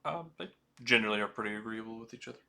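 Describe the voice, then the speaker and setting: A man narrates a fantasy tabletop game as its game master. His voice is strikingly bright and forceful, and he describes halls and characters in a relaxed, descriptive way, with fillers now and then. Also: on the low side, racing, vocal fry, a little hiss or hum.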